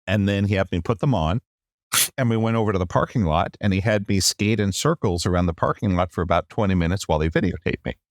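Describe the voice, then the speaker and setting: A middle-aged man in a podcast interview, telling a long personal story with lively acted-out quotes and a habit of saying "long story short". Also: low-pitched, fast, no room sound, studio quality. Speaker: podcast guest.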